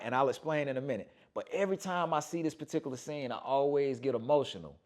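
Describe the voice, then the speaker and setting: A man's voice: medium pitch, fast, hardly any pauses. A man on a casual podcast, retelling film scenes with energy, acting out the lines and often saying "man". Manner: animated storytelling, acts out movie lines, says "man" often. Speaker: podcast host.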